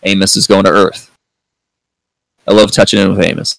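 A man's voice: low voice, level tone, normal speed, gravelly, fairly bright tone, no echo, rough recording. A man hosting a podcast in casual review chat, rambling with lots of fillers and free swearing. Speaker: podcast host.

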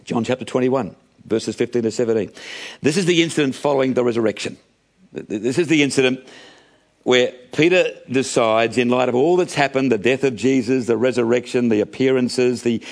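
A man's voice: medium pitch, a little mellow. A middle-aged man preaching a sermon, calling his listeners friends and acting out the voices of Bible characters.

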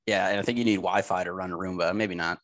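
A man co-hosting a podcast, talking casually with halting speech and many uhs. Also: low voice, fairly even intonation, a bit bright. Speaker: podcast co-host. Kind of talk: casual crude comedy chat.

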